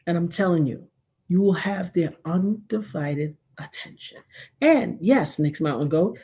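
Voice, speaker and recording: A woman's voice: on the low side, unhurried. Emphatic folksy woman giving advice. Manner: emphatic, preachy, folksy, drops to a hush for effect. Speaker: livestream talk show host. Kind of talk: casual advice chat to a live chat.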